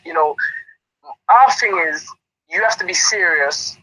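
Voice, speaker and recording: Boxing trainer, male, high lively husky voice, laughing storyteller. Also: measured pace, dry recording, low-quality recording. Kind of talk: casual interview chat.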